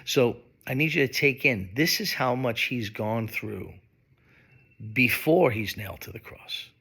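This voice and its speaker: A man preaching a sermon, slow and emphatic, with dramatic pauses. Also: mid-range voice, vocal fry, bright, forceful tone, slightly rough. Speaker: pastor.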